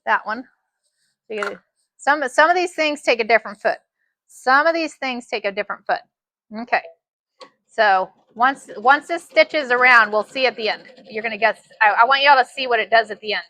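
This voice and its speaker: A woman giving a casual sewing machine demonstration, chatty and excitable, repeating her phrases as she works. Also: a little high, moderate pace, no echo. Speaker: sewing instructor.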